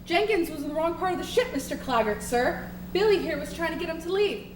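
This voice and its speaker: A woman playing a gruff male petty officer who barks threats at sailors in a live stage play. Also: extremely high pitch, lively intonation, fast talker. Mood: reporting. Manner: barking threats. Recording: roomy stage, distant mic, noise.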